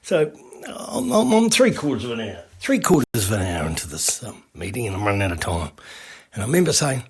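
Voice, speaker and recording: A man's voice: lowish voice, very animated, a little fast, breathy edge. A man with an Australian accent telling a rambling, casual anecdote about making a radio ad. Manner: rambling, with many restarts and asides. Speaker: radio advertising creator.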